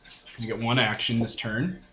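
A man running a tabletop role-playing game, excitable and swearing, often laughing. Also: medium pitch, normal speed, soft background music. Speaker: game master. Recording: roomy echo.

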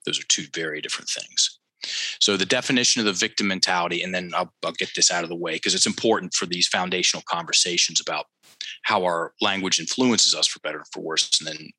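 A man with a low, forceful, sharp-edged voice, telling a story as a podcast guest. He leans on key phrases and repeats them for emphasis. He turns to the listeners like a teacher. The sound is dry and close. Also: quick pace, dry recording, rough recording. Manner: addresses listeners directly, teacherly. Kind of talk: conversational storytelling.

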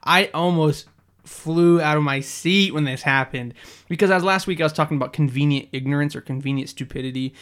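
Animated, higher-voiced man podcasting. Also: fairly quick. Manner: animated, excitable storytelling. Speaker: podcast co-host. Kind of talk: casual chat.

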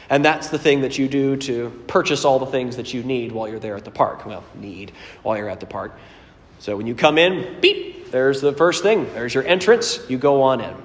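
A man preaching a sermon as a pastor, earnest and storytelling, moving between loud emphasis and quiet asides. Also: mid-range voice, long reverb tail.

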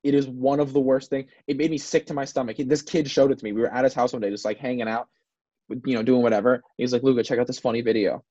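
A young man in his twenties with a husky voice rambles through crude podcast banter, cursing freely and leaning on "bro" and "like". His voice comes over a dry, slightly dull microphone. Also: medium pitch, flat delivery, quick pace, dark tone, dry recording. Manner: rambling, swears a lot, says "bro" and "like". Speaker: podcast co-host.

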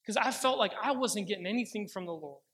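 A young man giving a sermon, telling a personal faith story earnestly and slowing down for the prayers he quotes. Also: sits high, animated, fairly bright tone. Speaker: pastor.

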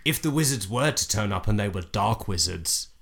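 A man's voice: fairly low pitch, expressive, moderate pace, gravelly, a bit bright. A man voicing a pushy male fantasy insurance salesman in a prank phone call, with a raised, chirpy sales patter full of hesitations.

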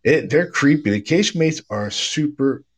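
A man's voice: fairly high pitch, expressive, normal speed, slightly rough. A man hosting a podcast, telling ghost stories in a laid-back, casual way, with a stuffy nose and lots of "man" and "dude.". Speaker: podcast host, paranormal investigator. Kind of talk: casual chat.

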